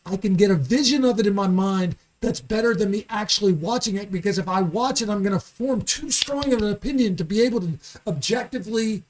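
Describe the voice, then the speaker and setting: A man's voice: high-pitched, a little fast, few pauses, slight background noise. A man as a podcast guest in a studio, talking in an angry, profane rant and often restarting his sentences. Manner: repeats words and restarts sentences. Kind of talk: casual podcast conversation.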